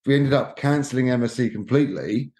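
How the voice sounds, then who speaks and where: A man, a podcast guest telling cruise stories in an animated, emotional way and acting out quotes. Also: mid-range voice, a little fast. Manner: animated, emotional storyteller who acts out quotes. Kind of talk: casual storytelling chat. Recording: roomy echo.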